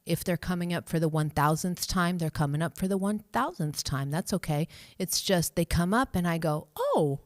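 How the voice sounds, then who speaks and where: A woman hosting a live stream as a spiritual coach, speaking gently and reassuringly, laughing often and acting out inner voices in a high cheery tone. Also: normal speed, few pauses, dry recording, clean studio sound. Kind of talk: live-stream guidance, answering viewer questions.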